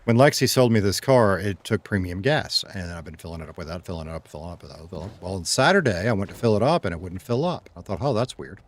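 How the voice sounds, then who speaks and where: A man's voice: low-pitched, big pitch swings, quick pace, few pauses. A man streaming a roleplay game, chatting casually with his chat and reading messages aloud. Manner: chatty, reads chat aloud, laughs easily.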